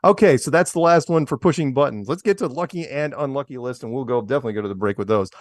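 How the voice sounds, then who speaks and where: This podcast co-host has a mid-range voice and talks fast as he reads news items aloud and mocks them with sarcastic asides. The casual news-clip commentary is captured as a dry, studio-quality recording.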